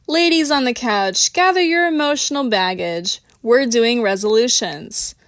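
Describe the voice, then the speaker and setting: A woman's voice: on the high side, measured pace, a bit bright, no room sound, studio quality. A woman voicing a bossy, theatrical woman who runs the group game. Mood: commanding. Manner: theatrical, commanding. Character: bossy, warm ringleader woman.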